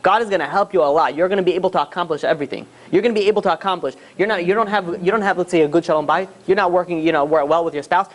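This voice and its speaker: Fast, emphatic male rabbi preaching. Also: high voice. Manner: animated, emphatic storyteller. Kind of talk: sermon.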